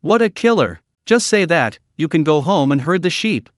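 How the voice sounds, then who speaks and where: Cocky young male hero, smug, teasing, lively voice, played by a man, dry close sound. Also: fairly high pitch, moderate pace, no echo.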